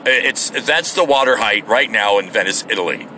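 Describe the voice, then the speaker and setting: A man mocking a smug male talk radio host, speaking slowly as if lecturing. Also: on the low side, animated, bright, forceful tone, a little hiss or hum, voice pushed down.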